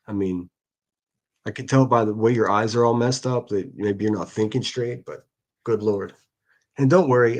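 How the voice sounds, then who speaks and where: Guy on a solo livestream, kinda low voice, mocking and cussing at comments he reads out. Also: a little mellow. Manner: sarcastic, profane, reading out and mocking comments. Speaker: livestream host. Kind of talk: casual livestream rant.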